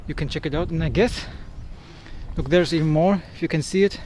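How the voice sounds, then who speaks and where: A young man with a high voice walks and talks through a city park, filming himself on an action camera. His vlog narration is chatty and playful, full of jokes and exclamations. Faint outdoor noise sits behind him. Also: fairly quick, darkish tone. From Germany. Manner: joking, chatty, exclaims at sights. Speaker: travel vlogger. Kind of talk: casual walking vlog narration. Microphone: action camera mic.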